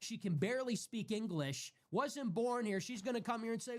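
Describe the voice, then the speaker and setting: High-pitched man in a profane, furious rant. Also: animated, fairly quick, few pauses. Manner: repeats himself for emphasis. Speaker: livestream host. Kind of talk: heated solo livestream rant.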